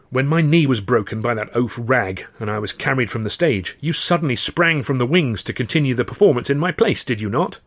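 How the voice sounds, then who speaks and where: A man's voice: mid-range voice, fairly bright tone. A man reading his own first-person novel aloud as narrator, in a dry, wry storytelling manner. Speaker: author and narrator.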